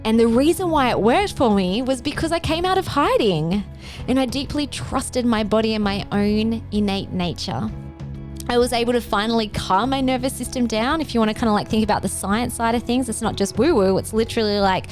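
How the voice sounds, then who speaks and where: A woman's voice: moderate pace, soft background music. Earnest woman telling a health story. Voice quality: earnest, emotional. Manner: expressive, rising into pitch when moved. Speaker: functional medicine podcast host. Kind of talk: personal health story monologue.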